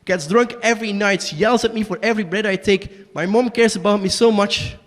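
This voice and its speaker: Young guy doing a raw one-man stage show, kinda high voice, long echo off the room. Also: fairly quick. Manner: raw, swings from quiet confession to angry outbursts. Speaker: solo stage performer. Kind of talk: one-man tragicomedy monologue. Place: small basement performance space.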